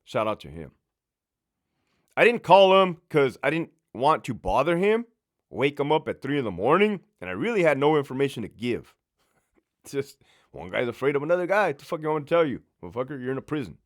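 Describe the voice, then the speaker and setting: A man, a former prison lieutenant, telling a work story in a casual, profane, animated way. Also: mid-range voice, brisk.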